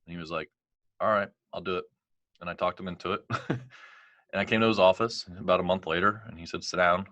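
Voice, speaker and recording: Middle-aged male podcast guest, low voice, bright forceful tone, dry close sound, chatty storyteller. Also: fairly quick, no echo, muffled recording. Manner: animated, heavy on "like" and quoted dialogue. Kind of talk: casual storytelling interview.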